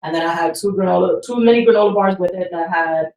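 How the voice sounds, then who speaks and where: A woman's voice: lowish voice, quick pace, a little mellow, roomy sound, far from the mic, rough recording. A woman in her thirties co-hosting a podcast, talking casually and swearing easily. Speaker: podcast co-host. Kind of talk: casual chat.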